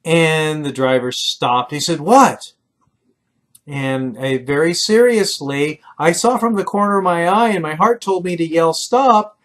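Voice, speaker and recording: A middle-aged man with a somewhat high voice delivers a short recorded lecture on ethics. He talks earnestly, leans on personal stories, and often restarts with fillers. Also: animated, normal speed, few pauses, fairly bright tone. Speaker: leadership lecturer.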